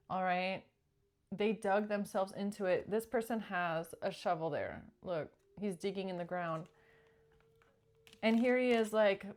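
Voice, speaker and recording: A woman's voice: medium pitch, normal speed. A woman doing a casual tarot reading, chatty and acting out pleading quotes along the way. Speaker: tarot reader.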